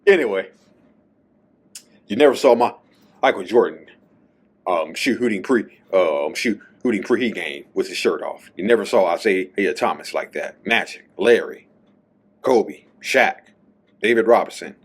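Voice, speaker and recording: A man's voice: fairly low pitch, expressive, a little slow, pauses often, breathy edge. A man hosting his own show, talking through a casual solo monologue and tagging his points with a questioning "okay?". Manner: chatty, tags lines with "okay?". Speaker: podcast host.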